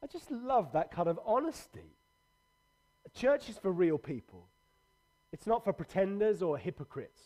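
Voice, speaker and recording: A man's voice: high voice, very animated, moderate pace, pauses often, dark tone. A man pastor giving a livestreamed church sermon, earnest and conversational with emphatic repetition.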